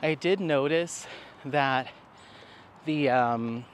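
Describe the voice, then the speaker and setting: A man's voice: mid-range voice, drawn-out words, slight background noise. Chatty man vlogging outdoors. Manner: chatty, laughs often, soft coaxing with his dog. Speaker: vlogger walking his dog. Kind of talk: casual chat with viewers while walking. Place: outdoors in a park.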